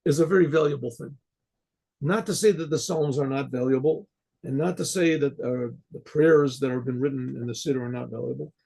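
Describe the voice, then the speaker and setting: A male rabbi tells a story in a relaxed, conversational way, clearing his throat and breaking off to start again. His voice is gravelly and husky with a mellow tone, and he sits a little high in pitch for a man. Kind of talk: storytelling sermon.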